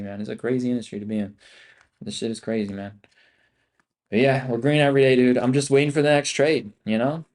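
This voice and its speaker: Hyped, swearing man with a dark voice. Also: lowish voice. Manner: hyped, profane, slangy, repeats himself. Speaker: livestream options trader. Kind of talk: casual livestream talk.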